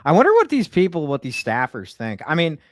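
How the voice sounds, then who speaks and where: A man streaming live and chatting with his viewers, talking in an excitable, gleeful, profane way. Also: a little high, fairly quick, dry recording, clean studio sound. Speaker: streamer and prank caller. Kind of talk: casual live-stream chat.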